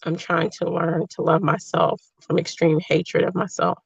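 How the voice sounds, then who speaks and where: A woman chatting casually on a livestream, reading viewer comments in a warm, affectionate, emotional way. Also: on the low side, level tone, normal speed, creaky, slightly rough, dry recording. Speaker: livestream host. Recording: dry, slightly dull lo-fi sound.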